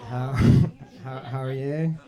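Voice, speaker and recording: Rambling British comedian on a noisy stage. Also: male voice, mid-range voice, fairly even intonation, slow, over a noisy crowd. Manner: self-deprecating, rambling with frequent restarts and "like". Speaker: stand-up comedian. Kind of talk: stand-up comedy set. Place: comedy club stage with a live audience.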